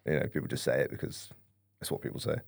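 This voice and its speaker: A man's voice: a bass voice, fairly even intonation, fast, creaky, dry recording, clean studio sound. A man in his thirties with a southern English accent, a fitness coach who talks reflectively and laughs easily as a podcast guest. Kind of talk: casual podcast chat.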